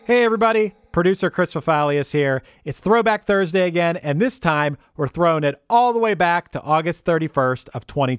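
A man's voice: a little high, clear, resonant tone, dry recording, clean studio sound. A man who produces a podcast, giving a casual, upbeat episode intro with playful, jokey asides.

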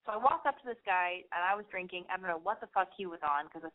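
A woman's voice: on the low side, fast. Profane, rambling woman radio host. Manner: profane, rambling and animated storytelling. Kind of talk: casual radio monologue. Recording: tinny phone-like radio sound.

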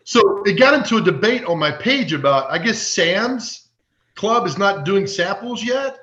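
Bright-voiced man telling stories, echoey. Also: high voice, unhurried. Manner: animated, acts out quoted voices. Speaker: podcast guest. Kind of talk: casual storytelling chat. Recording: echoey, dull lo-fi.

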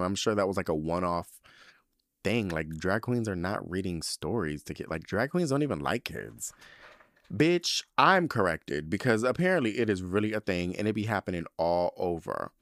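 Sassy, animated male podcast host. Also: sits low, normal speed, no room sound, studio quality. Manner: sassy, animated, campy drag-queen banter with swearing. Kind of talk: casual storytelling monologue.

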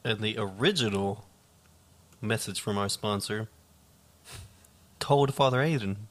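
A man's voice: lowish voice, unhurried, a bit bright. A man co-hosting a comedy podcast, teasing dryly and swearing. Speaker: podcast co-host. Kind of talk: casual comedic podcast banter.

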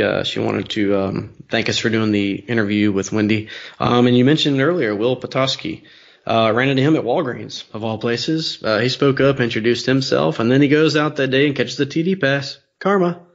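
A man's voice: medium pitch, vocal fry. Laid-back man co-hosting a podcast. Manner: relaxed, reads scores and schedules. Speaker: podcast co-host. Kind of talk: casual sports podcast chat. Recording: slightly dull lo-fi sound.

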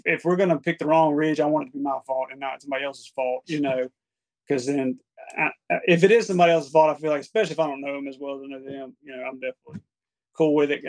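A man talking as a podcast guest about hunting, earnest, often restarting his sentences. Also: on the high side. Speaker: podcast guest, turkey hunter. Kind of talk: casual chat.

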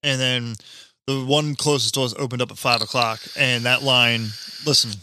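A man's voice: mid-range voice, steady tone, normal speed, sharp tone, a little hiss or hum. A man from New Jersey, stoned, chatting crudely and joking as a podcast co-host. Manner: crude, joking, mocks voices. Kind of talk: casual chat.

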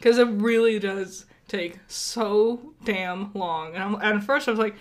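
A woman's voice: mid-range voice, measured pace, few pauses. A woman co-hosting a podcast in casual chat, rambling and giggly. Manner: giggly, rambling with frequent laughs. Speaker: podcast co-host.

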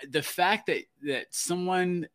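Bright, excitable man co-hosting. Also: sits high, slow. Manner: excitable, swears, laughs often. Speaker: podcast co-host. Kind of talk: casual podcast interview.

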